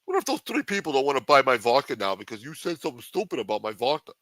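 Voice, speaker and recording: Man, livestream host, brash mobster persona, profane, bright forceful tone, dry close sound. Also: medium pitch, big pitch swings, quick pace, no room sound. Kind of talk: casual livestream chat in a mob boss persona.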